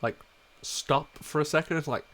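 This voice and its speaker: A man's voice: on the high side, moderate pace. Chatty English man at a home mic. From England. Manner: chatty, relaxed, swearing casually. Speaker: player. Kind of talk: casual chat between game sessions.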